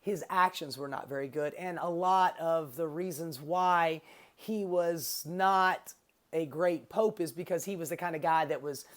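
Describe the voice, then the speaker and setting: A woman's voice: low-pitched, a little slow. Profane, sarcastic woman ranting. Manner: sarcastic, profane, loose and rambling. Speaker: political commentary vlogger. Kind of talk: casual ranting monologue.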